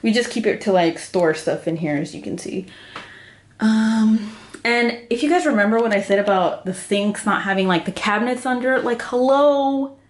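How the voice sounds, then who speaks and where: A woman's voice: mid-range voice, normal speed. A young woman giving a casual house tour for her vlog, chatty and giggly, a little out of breath as she walks from room to room indoors. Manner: chatty, giggly, lots of "like" fillers. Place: small rented house, indoors, walking room to room.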